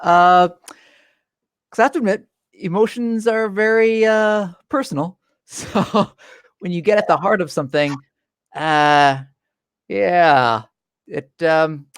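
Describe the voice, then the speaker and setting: Co-host with a mid-pitched voice reacting dryly. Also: takes it slowly, clear, resonant tone, dry recording, studio quality. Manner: reactive, brief interjections. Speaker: podcast co-host. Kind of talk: casual chat.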